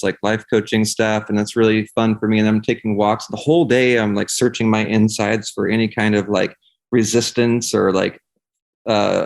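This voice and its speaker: Rambling, profane low-voiced man. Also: vocal fry. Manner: rambling, profane, heavy use of "like". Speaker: podcast guest, singer and life coach. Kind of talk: casual conversation.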